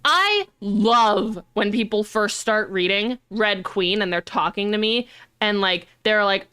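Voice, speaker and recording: A young woman streamer chatting casually, animated and rambling, with frequent swearing. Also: mid-range voice, slow, smooth.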